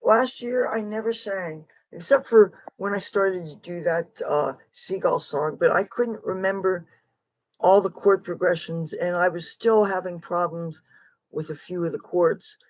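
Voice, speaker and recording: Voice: mid-range voice, measured pace, poor audio. An adult streamer talks off the cuff to viewers in a loose, meandering flow. The speech drifts from one subject to the next with frank, slightly wry asides. The tone stays casual and unpolished. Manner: rambling and digressive, jumps between topics. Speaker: livestream host and street guitarist. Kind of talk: casual rambling livestream chat.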